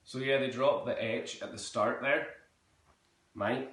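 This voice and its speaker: A young man teaching an online drama lesson, relaxed and full of ums as he demonstrates sounds. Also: medium pitch, normal speed. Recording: echoey room, mic at a distance.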